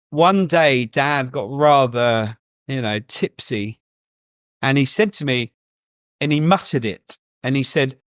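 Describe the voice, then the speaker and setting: A man's voice: medium pitch, no echo, clean studio sound. Reflective man telling a family story. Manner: reflective, storytelling with many restarts. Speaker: guest. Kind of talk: candid personal interview talk.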